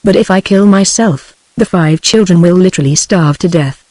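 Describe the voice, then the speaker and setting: A text-to-speech voice of a British English woman reading the lines of an ardent, half-mad outlaw poet in a flat synthetic manner. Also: lowish voice, moderate pace, no echo, natural voice.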